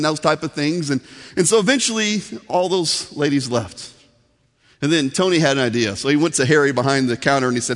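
A man's voice: a little high, fairly quick, a bit bright. A man preaching a sermon as pastor, telling a story in an earnest, conversational way. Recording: long reverb of a large hall.

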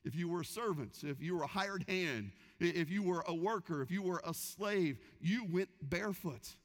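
A man's voice: high-pitched, normal speed. A middle-aged man preaching a sermon, telling a story and acting out the voices in it. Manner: animated, acts out quoted voices. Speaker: pastor. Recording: hall reverb.

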